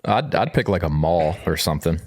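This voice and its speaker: A young man co-hosting a podcast in casual chat, animated and jokey, with frequent swearing. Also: low voice, fairly quick, no room sound, clean studio sound. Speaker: podcast co-host.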